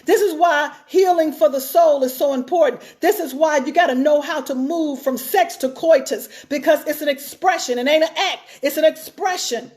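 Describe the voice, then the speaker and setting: High-voiced woman preaching with emphasis. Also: normal speed, hardly any pauses, a little mellow. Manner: emphatic, repeats phrases for stress. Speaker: pastor. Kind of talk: sermon-style teaching talk.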